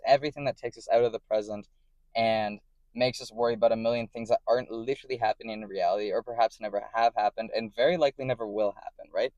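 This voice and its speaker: A man's voice: on the low side, steady tone, quick pace, warm tone, dry recording. A man in a casual monologue, talking to camera as a vlogger, rambling, correcting himself and checking in with the listener. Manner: rambling and self-correcting, often checking in with "right?".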